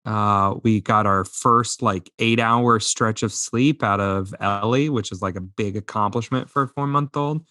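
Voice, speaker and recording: Lively storytelling dad in his thirties. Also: lowish voice, unhurried, hardly any pauses, no room sound, clean studio sound. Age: 30s. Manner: lively storyteller, mimics his toddler and laughs often. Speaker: podcast co-host. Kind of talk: casual chat.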